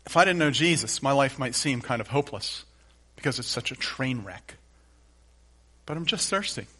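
A man preaching a sermon in an emphatic style, returning to refrains and swinging between loud and hushed lines. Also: medium pitch, animated, moderate pace, slightly rough. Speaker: pastor.

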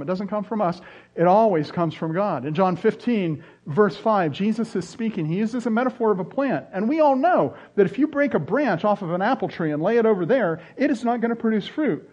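Earnest male pastor preaching, lo-fi. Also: fairly high pitch. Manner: earnest, preaching with dramatic drops to soft tones. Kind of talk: sermon.

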